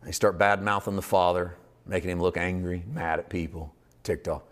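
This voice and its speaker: Guy preaching at church, low voice, gets fired up and loud then drops back quiet. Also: steady tone, normal speed. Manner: impassioned, swings from low intimate to loud shouting. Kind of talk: sermon.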